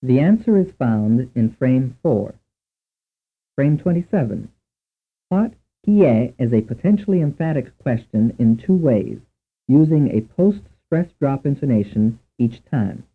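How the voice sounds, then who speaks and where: A man narrating a language lesson in a measured, lecturing way. His voice moves animatedly up and down as he sets out each drill. The recording is thin and phone-like. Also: mid-range voice, animated, breathy edge. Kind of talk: scripted instructional narration. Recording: tinny narrow-band recording.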